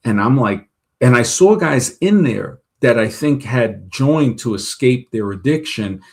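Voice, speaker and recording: A man's voice: mid-range voice, expressive, measured pace. A man hosting a talk show over a remote call, rambling in casual chat with frequent restarts and acting out the people he quotes. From Brooklyn, New York.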